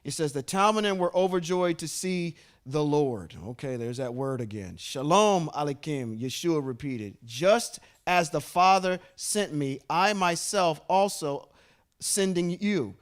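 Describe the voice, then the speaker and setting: A man with a fairly high, expressive voice speaks unhurriedly as he leads a bible study. Acting as a scripture teacher, he reads verses aloud and pauses often to explain them and check in with the group.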